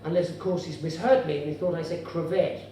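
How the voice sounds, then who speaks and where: A man's voice: fairly high pitch, steady tone, fast, dark tone. A male stand-up comedian with a formal, florid manner, addressing the audience as sir and madam, recorded live with heavy echo from a distance. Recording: echoey live room from afar, noisy.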